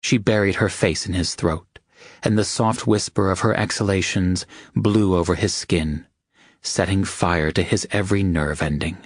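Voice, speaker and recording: A man giving a steady, even, scripted narration of an audiobook. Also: low-pitched, moderate pace, no room sound, studio quality.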